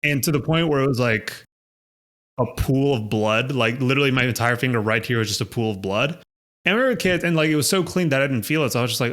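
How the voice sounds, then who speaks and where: A man co-hosting a podcast in casual chat, telling a story and acting out what people said. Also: fairly quick. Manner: expressive, acts out quotes in a higher voice. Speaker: podcast co-host.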